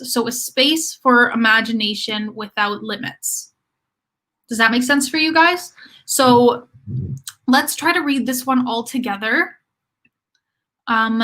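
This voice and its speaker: A woman's voice: fairly high pitch, a bit bright. A young woman hosting a casual study livestream, chatty and rambling with lots of fillers, reading out viewer comments as she goes. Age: young adult. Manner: reads comments aloud and answers viewers.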